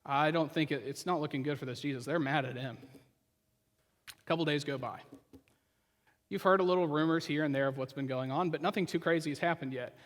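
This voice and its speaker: A male pastor preaching a sermon, retelling the story as if the listener were there and dropping to quiet asides. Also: on the high side, brisk, long pauses. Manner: storytelling, puts the listener into the scene. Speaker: senior pastor. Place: church sanctuary. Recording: reverberant church hall.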